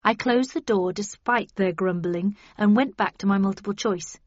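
A woman reading a first-person story aloud as an audiobook narrator, expressive, in a dull, dry recording. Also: mid-range voice, normal speed, no room sound.

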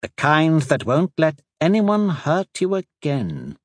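Man voicing a smooth, manipulative storybook sorcerer; slow, soothing, lively in pitch. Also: dry recording, clean studio sound, exaggerated voice. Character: cunning male sorcerer, smooth, patient and manipulative.

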